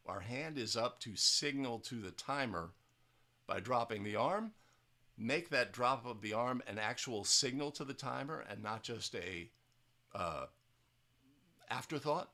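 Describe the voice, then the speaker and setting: Bright-voiced man coaching basketball referees. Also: mid-range voice, lively intonation, a little slow. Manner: tags points with "right?", frequent restarts. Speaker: basketball officiating instructor. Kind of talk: casual instructional video breakdown.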